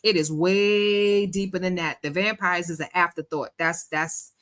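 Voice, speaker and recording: A woman's voice: fairly low pitch, steady tone, unhurried, a bit bright. A woman from New York City hosting a casual livestream, chatting and reading viewer comments aloud with frequent laughter. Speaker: livestream host.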